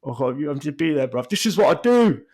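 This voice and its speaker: A man's voice: fairly high pitch, big pitch swings, brisk, a little mellow, voice pushed up. A man voicing a cocky London footballer-pundit figure who pads every sentence with "yeah?" and "bruv". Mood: flustered. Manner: repeats "yeah?" and "bruv" tags.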